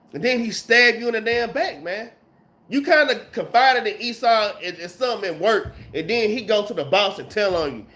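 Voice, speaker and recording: A man's voice: sits high, a bit bright. A man teaching a casual scripture lesson, emphatic and peppered with slang, still getting over a cold. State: recovering from a cold, coughing. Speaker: Bible class teacher.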